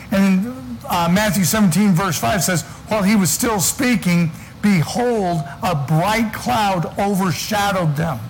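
Male preacher, high voice, slow and weighty delivery, scripture-heavy sermon, faint background hum. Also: poor audio.

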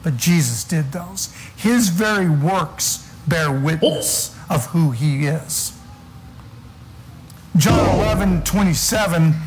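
Slow, high-voiced preacher man. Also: noisy background. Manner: preaching with slow, weighty emphasis and scripture reading. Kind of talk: sermon.

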